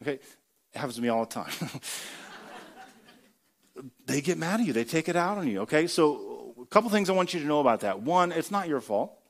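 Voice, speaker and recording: A man's voice: on the high side, very animated, a little fast, creaky, pauses often. A man giving a sermon in a conversational preaching style, asking the congregation rhetorical questions. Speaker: pastor.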